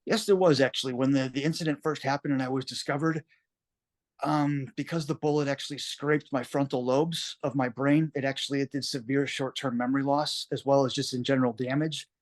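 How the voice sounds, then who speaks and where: A man's voice: medium pitch, steady tone, fairly quick. A man who is a guest in an interview, telling a personal story in an earnest, reflective, plain-spoken way.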